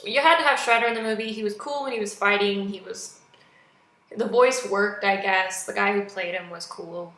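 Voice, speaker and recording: A woman's voice: mid-range voice, normal speed. Chatty young woman reviewing a movie. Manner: chatty, animated, acts out quotes. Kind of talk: casual movie review vlog. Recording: echoey room.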